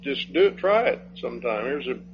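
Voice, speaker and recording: A man preaching an expository sermon, slow and emphatic, rising on key phrases and dropping low when he reads scripture. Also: big pitch swings. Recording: dull lo-fi sound with faint hum.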